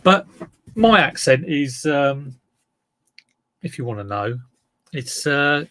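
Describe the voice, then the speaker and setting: A man in his fifties with a Southeast English accent hosts a casual live stream as a reseller, rambling chattily and greeting viewers by name. His voice is a little high with big pitch swings, slow and sharp-toned, with no echo.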